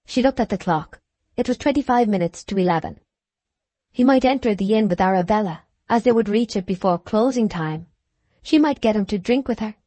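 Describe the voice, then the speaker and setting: A woman narrating a classic novel in a measured, steady audiobook reading. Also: medium pitch, no echo.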